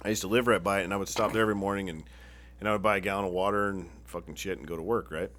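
A man's voice: sits low, fairly even intonation, racing, fairly bright tone, slight background noise. A man telling rowdy stories to friends in casual chat, swearing a lot and laughing through his own tales. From Phoenix, Arizona area. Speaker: storyteller among friends.

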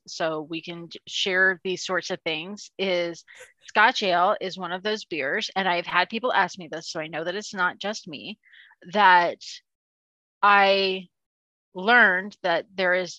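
A woman's voice: lowish voice, steady tone, measured pace, bright, forceful tone, dry recording. A woman co-hosting a podcast about beer in casual chat, playful and teasing. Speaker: podcast co-host, beer educator.

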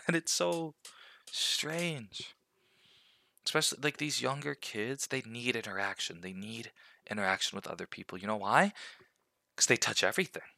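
A young man hosting a podcast, giving his opinions in casual talk and acting out quotes, with a gravelly voice. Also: mid-range voice, no room sound, clean studio sound. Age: young adult. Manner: animated and opinionated, with acted-out quotes. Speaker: podcast host.

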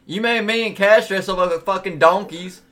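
A man's voice: high-pitched, moderate pace, a bit bright. A man in crude improvised role-play banter, teasing and needling the others.

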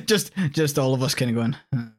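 A Scottish podcast co-host in casual chat, animated, swearing freely and laughing often. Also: medium pitch, normal speed.

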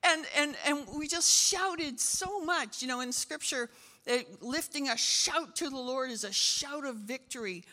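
A woman's voice: sits high, a little slow, sharp tone, in a large hall. A woman pastor preaching a sermon, telling stories enthusiastically with casual fillers. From Canada. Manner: enthusiastic, storytelling, fillers like "you know".

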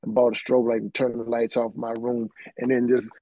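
A man's voice: medium pitch, flat delivery, a little fast, dark tone, dry recording, low-quality recording. A middle-aged man, a keyboardist guest telling rambling anecdotes full of restarts and "man". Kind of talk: casual storytelling.

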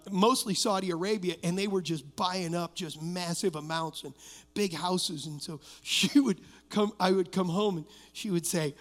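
A middle-aged male pastor preaching an emphatic sermon, weaving personal stories into declarations. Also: high voice. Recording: long reverb of a church hall.

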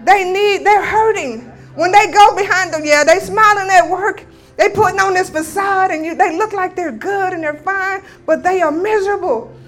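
A woman delivers a sermon testimony in a strikingly high voice. She tells her story with fervent, emphatic declarations and breaks into laughter along the way. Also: moderate pace, fairly bright tone. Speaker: guest speaker.

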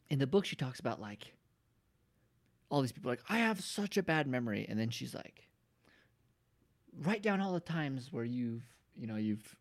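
A man's voice: mid-range voice, very animated, moderate pace, long pauses. A man appearing as a podcast guest, chatting casually and telling laid-back, loose anecdotes. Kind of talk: casual chat.

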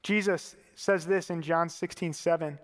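A man delivers a sermon in a relaxed, chatty way, like he is talking with friends. His voice sits high for a man. A long reverb trails behind each phrase, as in a large hall. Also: a little slow. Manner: casual and conversational, with fillers like "man". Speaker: preacher.

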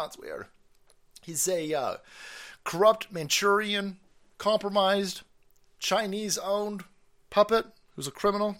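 A man ranting on a live stream, loud, profane and mocking, slipping into sarcastic voices. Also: high-pitched, slow, pauses often.

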